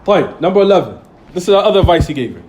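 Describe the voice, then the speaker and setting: A man's voice: high-pitched, very animated, racing, a little mellow, slight background noise. A man preaching a sermon in casual street English, asking the audience rhetorical "what?" questions and acting out little everyday scenes. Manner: call-and-response questions, acts out little scenes. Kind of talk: Friday sermon.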